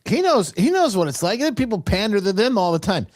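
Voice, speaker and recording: Guy hosting a talk show, mocking tone, voice goes up and down a lot, slightly high, dry close mic. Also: normal speed, few pauses, no echo. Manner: mocking, animated, trailing restarts. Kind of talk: opinionated political commentary.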